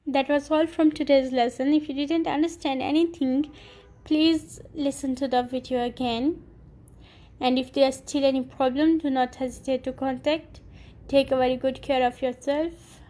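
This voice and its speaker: A woman teacher giving a recorded English grammar lesson, explaining slowly and carefully and spelling out letters. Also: sits high, fairly even intonation, dark tone. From Pakistan.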